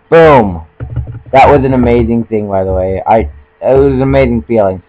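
A man's voice: mid-range voice, normal speed, darkish tone, faint music behind, low-quality recording. A young man giving casual, joking commentary while playing a video game, often stumbling over his words and poking fun at himself. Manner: joking, self-mocking, trips over words. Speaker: let's play gamer.

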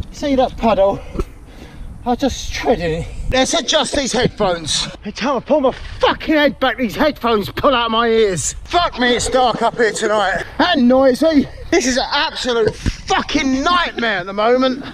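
A man in his forties from England, vlogging his own night run up a dark muddy hill with a camera, muttering complaints, swearing and singing along to his music. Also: extremely high pitch, animated, moderate pace, a crowd in the background. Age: 40s. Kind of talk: breathless running vlog with bursts of singing. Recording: outdoor noise on a camera mic.

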